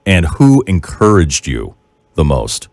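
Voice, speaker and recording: Lively-voiced radio morning host, man. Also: extremely low pitch, no room sound. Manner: joking, quick reactions. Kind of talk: casual interview chat. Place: radio studio.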